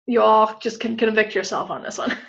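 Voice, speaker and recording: Frank woman pastor, slightly high voice. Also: a little fast, gravelly, fairly bright tone, muffled recording. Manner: direct, frank, with frequent "all right?" and "okay?" check-ins. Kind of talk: conference breakout talk.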